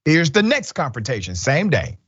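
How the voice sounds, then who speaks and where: A man's voice: fairly high pitch, wildly swooping pitch, moderate pace, highs cut off, heavy background noise. A man hosting a news commentary show, stressing his points by repeating them.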